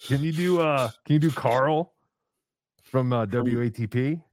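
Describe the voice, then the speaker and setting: A podcast host chats casually, joking around and swinging into high, silly impression voices. He speaks a little slowly, with clean studio sound and no echo.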